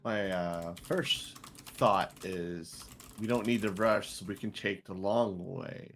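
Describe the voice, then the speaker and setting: Offhand man at the gaming table. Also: on the low side. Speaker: player. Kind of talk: casual table talk.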